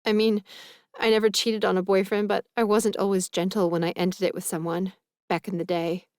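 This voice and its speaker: A woman reading the part of a heartbroken young woman, quiet and halting, in an audiobook. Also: medium pitch, little pitch movement, clean tone, dry recording, clean studio sound, close to an everyday voice. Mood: sad. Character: heartbroken young woman, tearful and soft-spoken.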